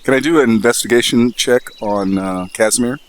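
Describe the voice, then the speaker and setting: A man's voice: medium pitch, brisk. A man talking casually as a player at a tabletop game, eager and rambling.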